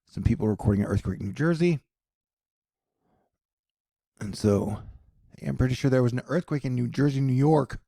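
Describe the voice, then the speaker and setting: A man hosts a casual news vlog, reading tweets aloud between wry, jokey asides. His voice is husky with a gravelly edge. The room sounds dry and close, with no echo. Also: medium pitch, a little fast, pauses often. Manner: excitable, rising to loud questions. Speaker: online news commentator. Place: home in Texas.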